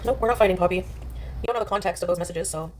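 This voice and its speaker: A woman's voice: fairly low pitch, rapid-fire, darkish tone, a little hiss or hum. A woman chatting casually on a livestream, dismissive and rambling, full of filler "like"s. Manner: dismissive, rambling, many likes.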